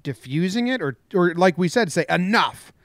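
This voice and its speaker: A man on a casual sports podcast, talking with a slightly raised pitch and lively storytelling. His voice is close and dry, with no room around it. He acts out the shouting of the people in his story. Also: moderate pace, no room sound. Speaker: podcast co-host.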